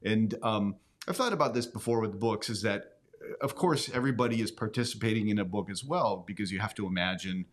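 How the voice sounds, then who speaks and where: A man's voice: on the low side, fairly quick. A man hosting a casual commentary, talking in a reflective, musing way. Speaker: host.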